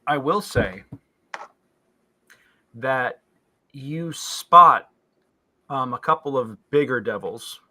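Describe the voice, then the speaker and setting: A man's voice: mid-range voice, expressive, slow, pauses often, bright, forceful tone. A man narrating as game master, describing scenes in a loose, searching way with fillers and restarts.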